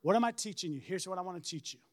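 A middle-aged man, a pastor, telling a story in a sermon with lively swings and bursts of shouted praise. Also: high voice, rapid-fire. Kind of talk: sermon testimony.

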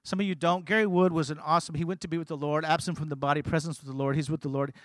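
A man preaching a sermon as pastor, emphatic and building to loud, forceful passages. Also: on the high side, fairly even intonation, rapid-fire, no room sound.

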